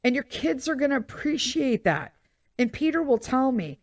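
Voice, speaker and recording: A woman's voice: high voice, sing-song, normal speed, dry recording, studio quality. A woman hosting a podcast, chatting casually about parenting and often checking in with listeners with "okay?". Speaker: podcast host.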